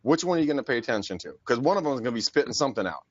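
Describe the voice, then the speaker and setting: A man's voice: mid-range voice, big pitch swings, very fast, no room sound, lo-fi sound. A man co-hosting a podcast in casual chat, brash and profane, laughing often. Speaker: podcast co-host.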